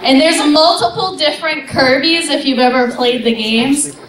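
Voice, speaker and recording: A woman's voice: high-pitched, moderate pace, fairly bright tone. A woman contestant on a convention panel, giggly and chatty as she argues her pick. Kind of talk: giggly fan argument. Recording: echoey hall, distant mic, crowd.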